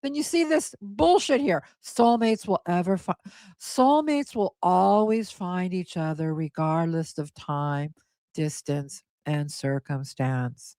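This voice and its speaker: A woman's voice: on the low side, lively intonation, slow, dark tone, no echo. A woman in her forties hosting a casual live stream, chatty and blunt, scornful as she reads viewer comments aloud. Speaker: host.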